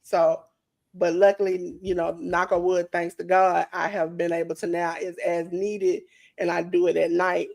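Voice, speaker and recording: A woman's voice: on the low side, vocal fry. A woman, a guest in a casual chat, telling stories animatedly and acting out the voices she quotes.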